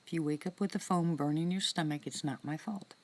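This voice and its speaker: A woman with a low voice hosts a casual live-stream at night in the woods, talking to her viewers through a phone. She speaks softly and warmly, dropping into hushed whispers, chatty and open-hearted. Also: fairly quick. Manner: soft-spoken, drops into whispers, chatty and heartfelt.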